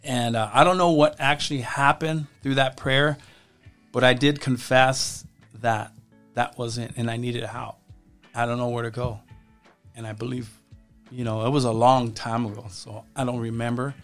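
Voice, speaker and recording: A man speaking as a podcast guest, telling his life story in a halting way and often repeating his words. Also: medium pitch, steady tone, a bit bright, faint music behind. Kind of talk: personal testimony in casual conversation.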